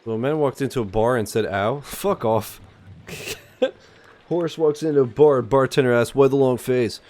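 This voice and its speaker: A male streamer casually reading a story game aloud. He rambles, jokes and swears between lines in a mid-pitched, everyday voice. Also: a little slow, darkish tone, slight background noise. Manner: joking, rambling, profane asides.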